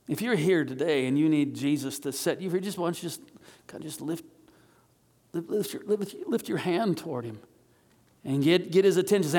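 A man's voice: a little high, normal speed, darkish tone. A man preaching as a pastor, praying fervently in repeated phrases and leading a congregation in recited liturgy. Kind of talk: sermon and congregational prayer. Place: church sanctuary. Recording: long hall reverb, faint music.

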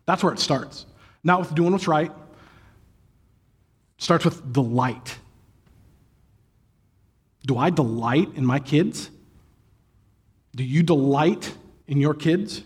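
A man in his thirties delivers a sermon in a slightly high, husky voice. He tells stories animatedly, throwing in acted sighs and exclamations. It has the easy, personal feel of a pastor talking to his congregation.

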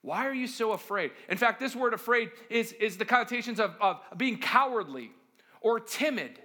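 A male pastor delivering a sermon in a high, bright voice that rises and falls a great deal. He talks to the congregation conversationally, keeps checking in with rhetorical questions, and throws himself into acting out the people he quotes. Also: lively intonation, moderate pace. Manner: acts out quoted voices dramatically.

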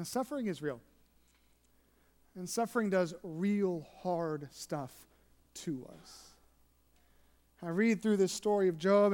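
A pastor preaching an earnest sermon, shifting between emphatic and hushed delivery. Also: mid-range voice, in a large hall.

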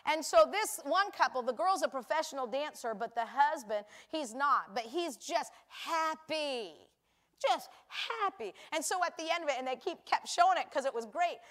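A woman giving a sermon in a chatty, animated way, telling stories and acting out the people in them. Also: high-pitched, brisk, hardly any pauses. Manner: animated, acts out voices in anecdotes; chatty, conversational with frequent "you know". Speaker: preacher. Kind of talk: sermon with storytelling.

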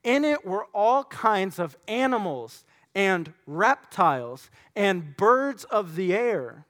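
A man preaching a sermon, reading scripture and retelling it with animated, acted-out storytelling. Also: high voice, takes it slowly. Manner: animated storytelling, acting out voices. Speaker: pastor.

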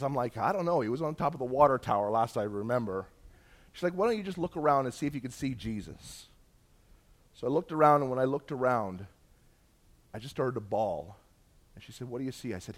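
A middle-aged man from Canada, telling a personal testimony as a story and acting out the dialogue with jumps in pitch and loudness. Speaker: speaker sharing a personal testimony.

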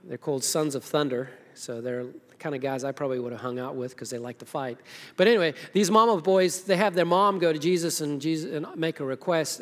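A man preaching a sermon in a church, telling the story in a lively, casual way and acting out what the characters say. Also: a little high, a little fast, long reverb tail. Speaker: pastor.

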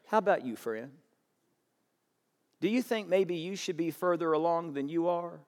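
High-voiced man preaching in a hall. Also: sing-song, normal speed, pauses often, a bit bright. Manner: storytelling with playful humor. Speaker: pastor. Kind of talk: sermon.

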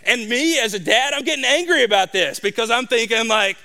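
A middle-aged man preaching a sermon, telling stories in an animated way and acting out the voices of the people in them. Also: extremely high pitch, fairly quick, vocal fry, hardly any pauses. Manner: animated storytelling, acts out voices. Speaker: pastor.

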